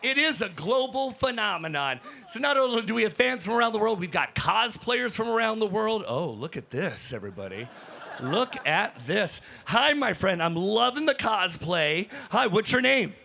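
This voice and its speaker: Gravelly, high-pitched hype man. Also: very animated, moderate pace. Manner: enthusiastic, hype, shouting to crowd. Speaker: hype host, roaming reporter. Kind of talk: energetic crowd interviewing. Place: convention show floor.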